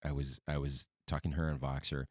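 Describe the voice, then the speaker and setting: Low-voiced Wisconsin man, laid-back co-host. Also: little pitch movement, fast talker, no echo, clean studio sound. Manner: laid-back, self-deprecating. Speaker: podcast co-host. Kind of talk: casual chat.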